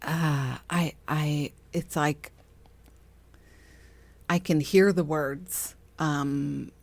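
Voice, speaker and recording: A middle-aged woman hosts a podcast, chatting casually about spiritual self-help, laughing often and acting out the voices of people she quotes. Her voice is low with fairly even intonation, and she speaks extremely slowly. There is no echo.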